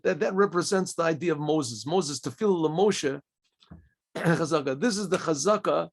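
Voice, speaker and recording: A man, a rabbi, giving a Torah class in a halting way, restarting phrases, clearing his throat often and asking himself questions he then answers. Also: fairly high pitch.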